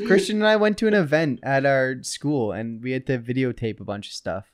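A man's voice: medium pitch, brisk, smooth. A man chatting casually on a podcast, enthusiastic and laughing at his own jokes. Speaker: podcast co-host. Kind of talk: casual chat.

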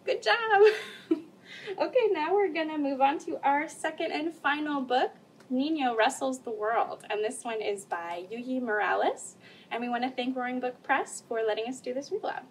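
A woman's voice: high-pitched, normal speed, distant mic, slight background noise. A young woman children's librarian leading a bilingual story time, reading aloud and singing nursery songs with frequent laughter. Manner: cheerful, laughs often, sings nursery songs.

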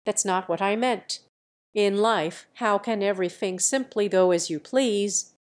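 A woman's voice: mid-range voice, a little slow, natural voice. A woman reading as a cocky young male warrior. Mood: lecturing. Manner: calm, lecturing, self-assured. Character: brash, easygoing young male martial hero.

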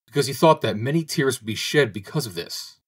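A man reading a fairy tale aloud as an audiobook narrator, in an expressive, dramatic way. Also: mid-range voice, fairly quick, slightly rough. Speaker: audiobook reader. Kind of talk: storybook narration.

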